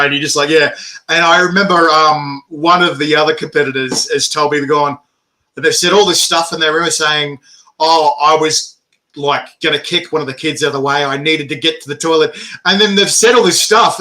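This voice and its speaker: A man interviewing a guest in casual chat, telling animated stories and laughing often. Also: a little high, brisk.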